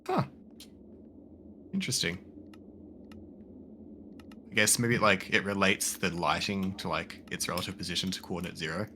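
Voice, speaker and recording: A man's voice: low voice, animated, moderate pace, pauses often, background noise. A man in casual voice chat with friends while gaming, thinking aloud and swearing now and then. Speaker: game player.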